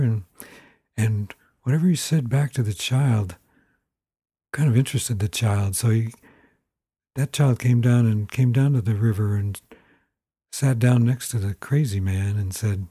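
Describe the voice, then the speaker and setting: Male storyteller, loose rambling telling, dark mellow voice, dry close sound. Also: mid-range voice, normal speed, breathy edge, no echo. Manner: informal, rambling with fillers and restarts. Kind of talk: spoken storytelling.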